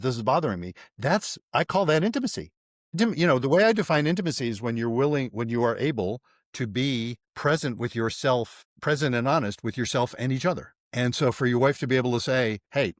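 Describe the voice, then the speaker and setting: An older man, a psychologist, explaining ideas in a measured way as a podcast guest over a remote call. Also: medium pitch, no room sound, clean studio sound. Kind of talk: podcast interview.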